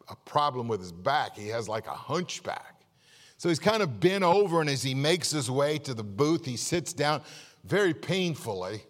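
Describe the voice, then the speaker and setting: A man pastor preaching a sermon, telling a joke-filled story in a lively way and often repeating words. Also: mid-range voice, in a large hall. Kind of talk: sermon with jokes. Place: church.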